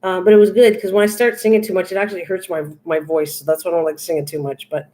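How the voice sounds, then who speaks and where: A woman's voice: lowish voice, steady tone, fast, hardly any pauses, dark tone. An older woman hosting a crafting livestream, chatting casually and reading viewers' comments aloud as she answers them. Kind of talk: casual chat with live viewers.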